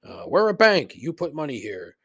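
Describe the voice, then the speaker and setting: A man's voice: on the high side, sing-song, normal speed, fairly bright tone, pitched above the performer's own voice. A man voicing a male radio ad announcer for a bank in a salesy parody.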